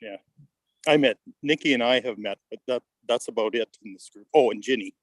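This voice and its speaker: A man's voice: medium pitch, fairly quick, no echo. A man from Canada in a casual group chat, making wry, dry jokes.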